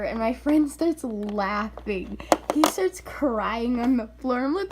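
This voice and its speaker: A woman's voice: a little high, slow pace, a little mellow, slight background noise. A woman vlogger telling a story in casual chat, filler-heavy and quoting voices with animation. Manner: chatty, filler-heavy, often says "like".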